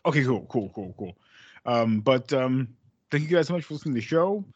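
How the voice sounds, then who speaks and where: Husky man on a dull, dry mic. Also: medium pitch, expressive, a little fast, darkish tone, no echo. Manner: profane, laughing, rambling. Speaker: podcast co-host. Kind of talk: casual movie podcast chat.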